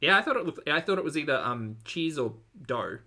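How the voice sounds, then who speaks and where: Australian male reactor with a bright tone; dry, sarcastic, chatty. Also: a little high, very animated, brisk. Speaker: reaction commentator. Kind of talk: reaction commentary.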